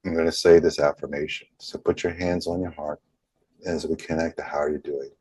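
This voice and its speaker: A man leading a group healing session over a video call, speaking slowly and deliberately and softly repeating affirmations. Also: a bass voice, little pitch movement, slightly rough, no echo.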